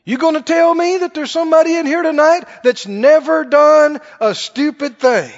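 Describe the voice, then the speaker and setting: A man preaching a sermon in an animated, conversational way to a church congregation. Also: very high voice, moderate pace. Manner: animated, conversational, acts out quoted voices. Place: church hall. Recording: dull recording with long hall reverb.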